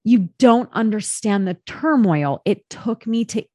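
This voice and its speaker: A woman of middle pitch telling a story in a loose, candid way, peppered with "like" and the odd swear word. Her voice is recorded close and dry, with no room sound around it. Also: a little slow, no room sound. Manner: candid and expressive, swears, heavy use of "like". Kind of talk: casual storytelling chat.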